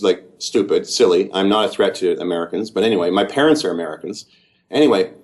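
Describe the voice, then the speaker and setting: A Canadian man giving a long, detailed, earnest first-person account in an interview. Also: on the low side. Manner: earnest, detailed, methodical storytelling.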